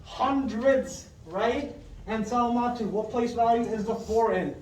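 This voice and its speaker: A classroom teacher leading a math lesson, patiently repeating questions, checking with "right?", and calling on pupils by name with quick praise. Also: mid-range voice, a little mellow. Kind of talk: fifth-grade math lesson. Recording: roomy classroom heard from a distance.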